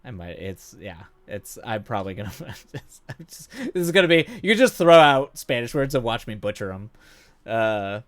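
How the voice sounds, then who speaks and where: In a mid-range, fairly bright voice at a moderate pace, a very animated man in his thirties chats casually with his stream viewers while gaming at home at night. His talk rambles and turns self-deprecating, laced with fillers and idle humming.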